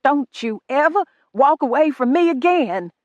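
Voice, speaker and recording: A woman's voice: mid-range voice, unhurried, fairly bright tone, dry recording, dull audio, voice pushed up, natural voice. A woman voicing a sickly young male slaveholder who issues threats and commands in an audiobook. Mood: threatening.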